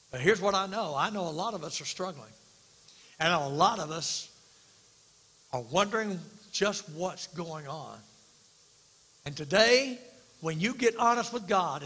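High bright preaching man in a hall. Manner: swings from hushed to loud emphatic preaching. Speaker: pastor. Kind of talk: sermon. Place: church sanctuary.

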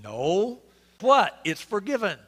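A man's voice: high voice, very animated, takes it slowly, a bit bright, in a large hall. A male pastor, preaching an interactive, joking sermon and questioning his congregation. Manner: conversational, quizzing the congregation, joking asides. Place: church sanctuary.

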